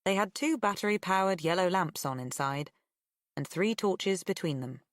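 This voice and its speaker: A woman narrating an audiobook with a measured, expressive reading. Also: fairly low pitch, dry recording, studio quality. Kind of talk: scripted narration.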